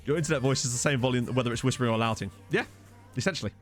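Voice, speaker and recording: One man streams a football management game, talking rapid-fire in a mid-range voice with faint music behind him. He's casual and joking, replying to viewer chat over a desk USB condenser mic.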